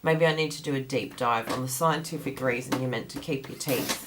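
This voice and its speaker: Hosting a craft class livestream, a low-voiced woman chats casually with her audience, rambling and laughing often. She speaks a little fast and sounds groggy from the morning, with background noise present.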